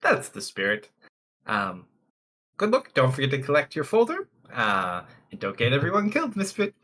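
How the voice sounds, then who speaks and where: A man plays a formal, fussy guildmaster in a tabletop game, stopping often on ums and uhs. The voice swings widely in pitch as he talks. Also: wildly swooping pitch, pushed and bright, full character voice. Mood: brisk. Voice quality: halting, full of ums and uhs.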